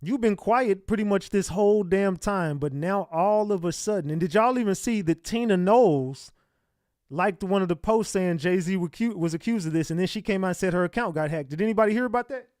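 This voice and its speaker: A man's voice: high-pitched, brisk, a little mellow, no room sound, clean studio sound. A man hosting a casual live stream who talks straight to his chat and laughs often.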